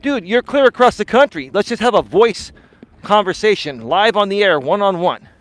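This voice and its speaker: A man's voice: sits high, animated, moderate pace, fairly bright tone, dry recording. A male dating and life coach ranting on a live stream, confrontational and repeatedly calling his opponent bro and sir.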